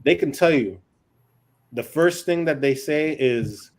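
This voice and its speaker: A man's voice: fairly high pitch, expressive, slow. A man who is a military veteran, telling blunt, profane stories on a podcast and acting out the dialogue. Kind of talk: casual storytelling on a podcast.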